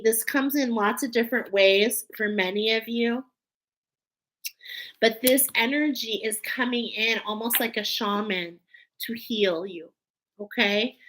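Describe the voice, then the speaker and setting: A woman's voice: fairly high pitch, bright, forceful tone, low-quality recording. A woman giving an emotional, earnest spiritual oracle card reading, teary at times.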